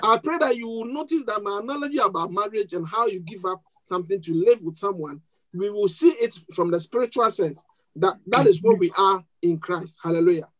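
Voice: medium pitch, fairly quick, fairly bright tone, poor audio. A pastor with a foreign accent delivers a sermon to a live congregation, drawing them in with questions and call-and-response. Key words are repeated for weight, with frequent restarts between phrases. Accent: non-native accent. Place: church service before a congregation.

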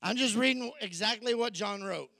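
A man preaching a sermon, telling a Bible story with lively acted-out dialogue. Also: sits high, moderate pace, gravelly, no room sound. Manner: animated storytelling, acting out the disciples' voices. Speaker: pastor.

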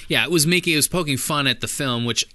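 A man's voice: a little high, fast, sharp tone. A man, chatting casually and giving blunt opinions. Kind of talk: casual chat.

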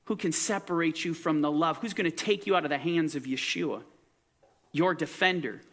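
A man giving a sermon-style Bible teaching, emphatic and preacherly, swinging between soaring lines and hushed ones. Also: on the high side, moderate pace.

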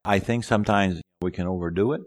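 An older pastor from northern Maine delivers his sermon in a plain, folksy manner. His voice sits fairly low, and it lifts and swells as he reads scripture aloud. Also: fast talker.

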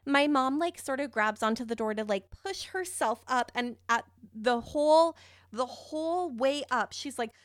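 A woman telling a personal story in a casual, animated way, giggly and swearing freely. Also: sits high, measured pace, dry recording, studio quality.

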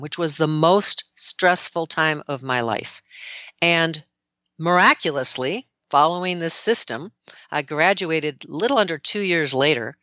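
A woman in her sixties from the United States talks with a bright, crisp voice. She tells her story with eager, animated energy. The call sounds dry and a little dull. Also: deep voice, dry recording. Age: 60s. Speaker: guest, nurse practitioner. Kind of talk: casual interview talk.

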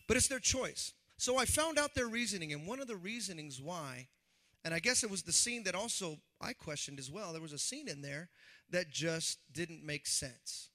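Bright, forceful man preaching a sermon. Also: high-pitched, normal speed. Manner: animated, conversational preaching that acts out quoted voices. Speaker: pastor.

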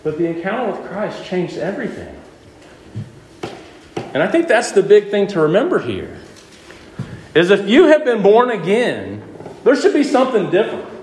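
A man's voice: sits high, normal speed, long pauses, slight background noise. A man preaching a sermon who keeps putting questions to his listeners and hammers his points home. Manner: lively, questioning the audience, emphatic. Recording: echoey room with faint ambience.

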